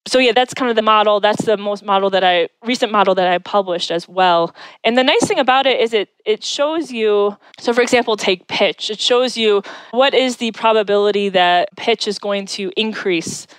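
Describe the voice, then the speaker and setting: A woman's voice: medium pitch, normal speed, clean tone, dry recording, rough recording. A woman, a speech science researcher, explaining her dissertation research as a podcast guest in a methodical, step-by-step way.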